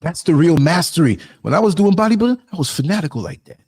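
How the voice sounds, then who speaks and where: A man's voice: fairly high pitch, fast talker, husky. A man giving a blunt, streetwise motivational monologue on his podcast, acting out bits of dialogue as he tells stories. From New York. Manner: streetwise, blunt, animated storytelling with acted-out quotes.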